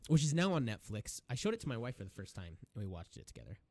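A man's voice: mid-range voice, sing-song, fast talker, a little mellow, dry recording. Man on a dry podcast mic. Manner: rambling, swears freely, laughs while telling a story. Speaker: podcast co-host. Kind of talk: casual chat, retelling a movie scene.

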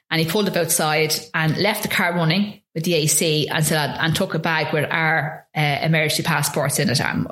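An Irish woman with a low-pitched voice recounts a personal ordeal as an interview guest. She speaks earnestly but haltingly, often restarting phrases and re-enacting past conversations. The sound is a bit bright and reverberant.

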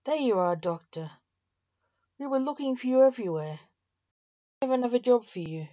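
A woman voicing a tactless male hospital orderly who talks bluntly and excitably, in a dull, dry, lo-fi recording. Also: very high-pitched, normal speed, no echo, voice pushed up. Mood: excited.

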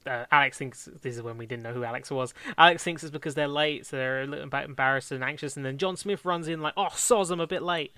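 A young man talks through script ideas in a loose, rambling way, often correcting himself and laughing. His voice is bright and forward, and the sound is close and dry. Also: medium pitch, fast, hardly any pauses, smooth, dry recording. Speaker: fan script co-writer. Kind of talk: casual planning chat.

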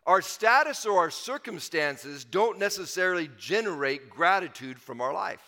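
A man's voice: high-pitched, lively intonation, normal speed, bright, forceful tone, long reverb tail. A man preaching a sermon as pastor, emphatic and repeating his key phrases for the congregation.

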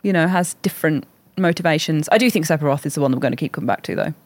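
A woman's voice: deep voice, expressive, racing, darkish tone, no echo. A woman hosting a casual gaming podcast, summing up the discussion. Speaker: podcast host. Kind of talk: casual gaming chat, summarizing.

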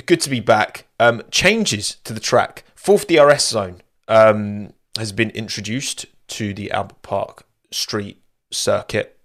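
A man's voice: lowish voice, fairly bright tone. A young man hosting a live-streamed podcast, chatting casually and rambling, often laughing at his own asides. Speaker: podcast host.

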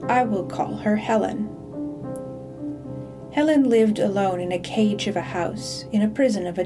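A woman narrating a scripted dark-comedy story in a deliberate storytelling manner. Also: mid-range voice.

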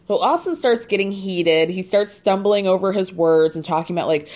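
A woman telling a story with lively energy, her voice pitched in an ordinary middle range. She speaks casually and swears freely, and she laughs at her own side comments as she recaps events for her listeners. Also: brisk, few pauses. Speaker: podcast host recapping a reality show.

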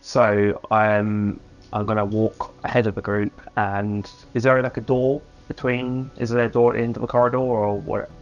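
A man's voice: lowish voice, little pitch movement, moderate pace, lo-fi sound. A man playing a tabletop game, chatting in a joking, rambling way. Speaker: player. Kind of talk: casual play chat.

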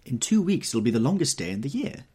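A woman's voice: very deep voice, sing-song, fast talker, warm tone, husky, voice pushed up, heavily acted. A man reading an audiobook, voicing a flighty young society wife in a lilting, dramatic, raised voice.

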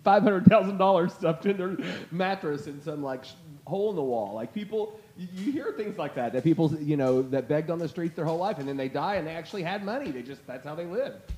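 A co-host with a mellow, warm voice and a lively pitch. The co-host teases and laughs along in casual talk-show chat. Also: brisk.

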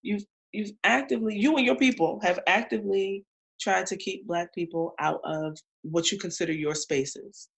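Co-hosting a casual podcast chat, a woman with a creaky, mid-range voice speaks in an outspoken, emphatic way. She's quick to tease her co-host.

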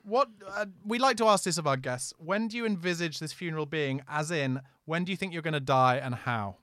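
Man, podcast co-host, bright tone, playful questions. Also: fairly high pitch, fairly quick, no echo, studio quality. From East London. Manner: playful, teasing, asks probing questions. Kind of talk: casual chat.

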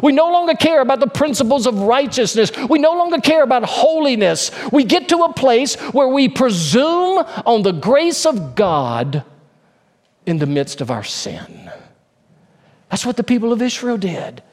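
A male pastor preaching a sermon in an earnest way, repeating key phrases for emphasis and dropping to a hushed, low tone on solemn points. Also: big pitch swings, normal speed, hardly any pauses.

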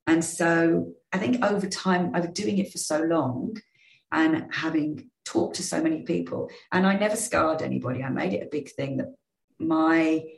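A woman in her fifties from England, a former rugby player and sports journalist, telling lively anecdotes in a casual interview. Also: sits low, normal speed, creaky, roomy sound, rough recording. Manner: lively storytelling with restarts.

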